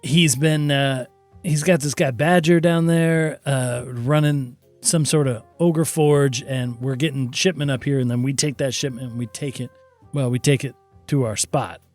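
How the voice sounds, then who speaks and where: A man's voice: mid-range voice, fairly even intonation, moderate pace, a little mellow, faint music behind. A man narrating as game master of a tabletop game, slipping into character voices for short asides.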